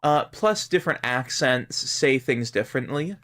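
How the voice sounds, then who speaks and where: A man's voice: medium pitch, lively intonation, moderate pace, fairly bright tone. A man with a Canadian accent chatting casually while streaming a game, rambling and musing aloud. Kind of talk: casual gaming stream chat.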